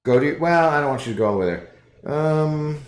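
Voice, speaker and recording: A man's voice: on the high side, expressive, fairly quick. A man streaming a game from his apartment, chatting in a laid-back, rambling way and reading viewers' chat aloud. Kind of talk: casual live-stream chat while gaming. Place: apartment living room. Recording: roomy echo with faint music.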